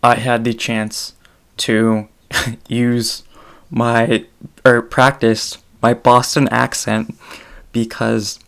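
Male solo podcaster, casual monologue; gravelly, flat delivery that wanders and self-corrects. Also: mid-range voice, extremely slow, pauses often.

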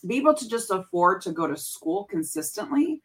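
Her mid-range voice is a little fast and slightly rough. A woman in her thirties guesting on a podcast, she tells animated, candid stories in casual talk, filled with fillers and Spanish phrases.

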